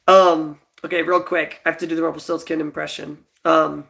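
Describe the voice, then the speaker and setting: A twenty-something man hosts a livestream, his slightly high voice flat and forceful with a bright edge and some vocal fry. He moves at a moderate pace, rambling casually to viewers with plenty of fillers and frequent giggles.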